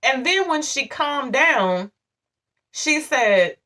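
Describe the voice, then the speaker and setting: A woman's voice: high-pitched, lively intonation, slow, pushed and bright, recorded from a distance. A woman in her forties telling a painful personal story to her viewers in a candid, emotional, conversational way. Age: 40s. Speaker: vlogger.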